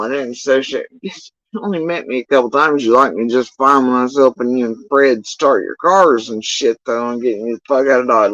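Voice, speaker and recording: A man's voice: medium pitch, moderate pace, no echo. A man, ranting on a livestream and acting out other people's lines with lots of swearing. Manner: profane, animated storytelling with acted-out quotes. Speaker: livestream commentator. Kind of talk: casual ranting monologue. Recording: dull, dry lo-fi recording.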